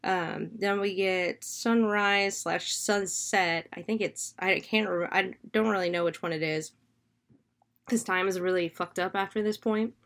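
A woman's voice: mid-range voice, steady tone, a little slow, fairly bright tone. A woman casually recapping and reviewing a horror film. She talks loosely, with lots of "like" and "um", and swears now and then for emphasis.

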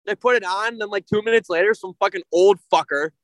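A young man ranting and swearing in casual podcast chat, excitable and blunt. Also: sits high, fast talker, no room sound. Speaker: podcast co-host.

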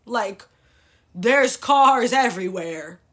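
Bright-voiced young woman telling a story. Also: slow. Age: 20s. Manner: animated, swears freely, leans on "like" a lot; acts out quoted people with big pitch jumps. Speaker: podcast host. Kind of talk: casual storytelling monologue.

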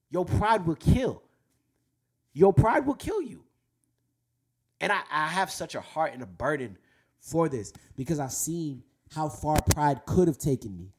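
A young man hosting a faith talk for men, preaching earnestly and slowing down to drive points home. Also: fairly high pitch, a little mellow. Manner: earnest, exhorting, slows down for emphasis. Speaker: host speaking to men about faith.

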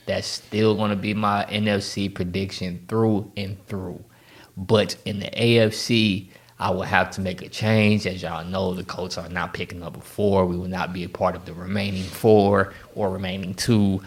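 Lowish guy on a sports podcast, swearing and ribbing rival fans. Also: normal speed. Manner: profane, animated trash talk. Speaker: podcast co-host. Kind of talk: casual sports chat.

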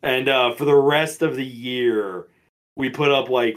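Casting: twenties guy, podcast co-host, loose profane storyteller, middling pitch. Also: measured pace. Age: 20s. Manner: profane, animated, mimics people in stories. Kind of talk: casual storytelling chat.

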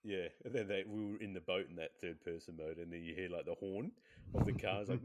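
A man chatting casually on a podcast, telling animated stories and acting out quotes in high voices. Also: brisk. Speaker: podcast co-host. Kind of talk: casual gaming chat.

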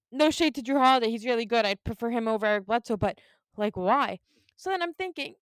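A woman's voice: on the high side, a little fast, clean tone, no echo, studio quality. A young woman chatting casually about basketball, laughing often and acting out her own reactions. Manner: animated, laughing, acts out reactions. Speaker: podcast co-host, basketball fan. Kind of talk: casual sports chat.

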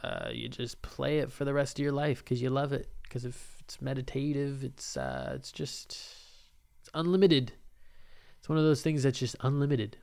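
Speaking at normal speed, this young man's mid-range voice is creaky and somewhat dark, with a steady tone. He's the host of his own podcast, rambling casually and profanely into a microphone, relaxed and frequently laughing, in a solo monologue.

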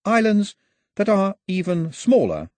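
A man voicing a nervous, eager young man who explains things in a high, hesitant voice. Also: wildly swooping pitch, a little slow, darkish tone, no room sound, studio quality, heavily acted.

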